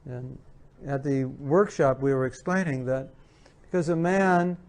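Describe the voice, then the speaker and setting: Male lecturer, mellow dark tone, earnest, repeats his points to the audience. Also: mid-range voice, measured pace. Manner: earnest, repeats key phrases, acts out spouses' lines. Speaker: speaker giving a talk on marriage. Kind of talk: spiritual lecture with audience questions.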